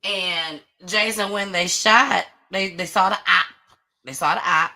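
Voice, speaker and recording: A woman hosting a casual live-stream gossip show, chatty and animated as she greets viewers. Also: on the low side, unhurried. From Atlanta area. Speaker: host of a live online gossip and news show.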